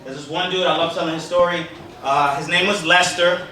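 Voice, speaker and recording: A man's voice: on the high side, fairly even intonation, brisk, pushed and bright. A man from Brooklyn with a New York accent doing loose, profane stand-up comedy. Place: comedy club stage. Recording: echoey club, distant mic, noisy.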